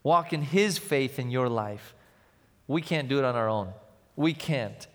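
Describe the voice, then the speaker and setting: A young man, a pastor, preaching a sermon with personal stories, animated and shifting between loud passages and hushed, tender ones. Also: medium pitch, unhurried, long reverb tail.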